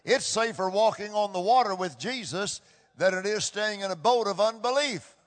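A man preaching a sermon with impassioned delivery, swinging from hushed tones to loud bursts and repeating phrases for emphasis. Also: high voice, moderate pace. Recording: long hall reverb.

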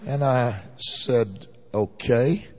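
A man's voice: medium pitch, extremely slow. Folksy man preaching, muffled lo-fi sound. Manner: folksy storytelling, rising to fervent exhortation. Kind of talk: sermon storytelling. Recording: muffled lo-fi recording.

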